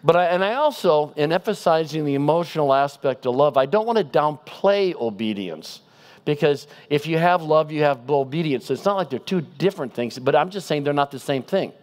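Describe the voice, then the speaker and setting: Animated man preaching a guest sermon. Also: on the high side, fairly quick. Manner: animated, asks the audience rhetorical questions. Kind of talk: conversational sermon.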